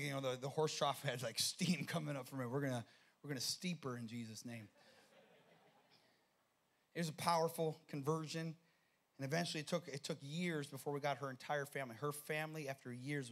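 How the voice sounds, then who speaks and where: A man preaching a sermon as pastor, telling a story with animated energy and frequent repeated words. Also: a little high, fast, gravelly. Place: church sanctuary.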